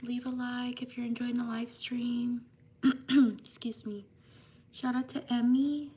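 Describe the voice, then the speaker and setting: Woman streamer, soft and mellow, reads names slowly; faint hiss behind. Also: on the high side. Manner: slow, even reading of viewer names. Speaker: livestream host. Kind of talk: live stream shout-outs.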